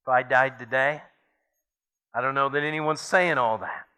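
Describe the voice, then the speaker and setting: A man's voice: mid-range voice, fairly even intonation, moderate pace, bright, forceful tone, smooth. A man preaching a sermon as pastor, reading scripture aloud and building to emphatic points.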